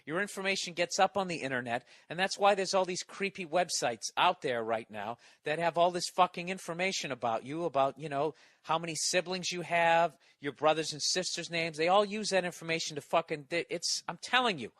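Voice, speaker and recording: A man's voice: on the high side, fairly quick, few pauses, fairly bright tone, no room sound. A man delivering a profane, exasperated comedy rant as a podcast host, often stammering through restarts. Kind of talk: ranting comedy monologue.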